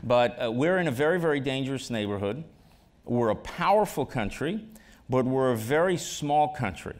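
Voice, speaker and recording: A man in an onstage conversation, pressing his points with emphatic conviction and slipping in wry jokes. His pitch sits in an ordinary middle range for a man. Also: expressive, normal speed, darkish tone. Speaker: ambassador, interview guest. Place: auditorium stage.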